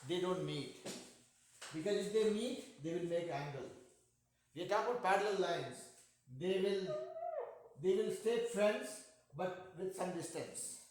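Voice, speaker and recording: A man's voice: high-pitched, unhurried, darkish tone. A man with an Indian accent teaching a math class, patient and jokey, often checking in with students. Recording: echoey room.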